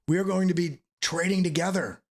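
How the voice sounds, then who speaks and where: A man hosting a live crypto trading stream, joking and energetic as he walks through charts, swearing casually now and then. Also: high voice, a little fast. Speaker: crypto trading channel host.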